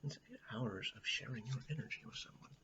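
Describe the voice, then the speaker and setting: A man's voice: medium pitch, lively intonation, a little fast, pushed and bright, husky, lo-fi sound. A middle-aged man rambling casually indoors, swearing often and laughing a lot. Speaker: vlogger. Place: indoors at a friend's house.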